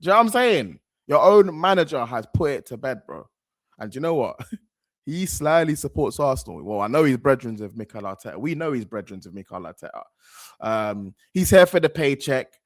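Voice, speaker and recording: This football channel host rambles through a reaction video, very animated and a little fast, piling on slang and saying things twice. His pitch bounces around as he gets excited, and the sound is close and dry, with no echo or room.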